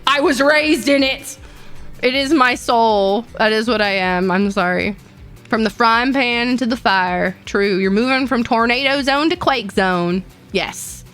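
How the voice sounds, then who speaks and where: A woman's voice: on the high side, a little slow, faint music behind. A young woman from Florida with a Southern accent, chatting casually with her stream chat, laughing often and telling stories with a lot of life. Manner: bubbly, laughs often, animated storytelling.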